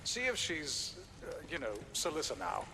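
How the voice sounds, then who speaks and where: A smug sarcastic game narrator. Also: male voice, on the high side, wildly swooping pitch, normal speed. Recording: game audio under loud noise.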